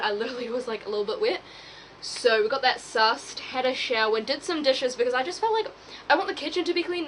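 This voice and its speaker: A young woman chatting casually at home while cleaning, rambling excitedly and swearing freely. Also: a little high, slight background noise, poor audio. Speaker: vlogger and small business owner. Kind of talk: casual clean-with-me vlog chat. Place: at home, tidying her room.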